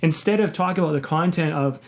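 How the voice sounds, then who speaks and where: A man's voice: on the high side, a little fast. A man co-hosting a casual podcast, telling stories animatedly and acting out what others said. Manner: animated storytelling, acts out quoted dialogue. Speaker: podcast co-host.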